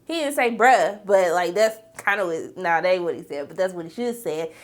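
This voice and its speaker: A woman's voice: on the low side, expressive, fairly quick. A woman giving a casual, chatty recap of a TV episode, calling her viewers "y'all" and acting out the characters' lines. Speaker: TV episode reviewer.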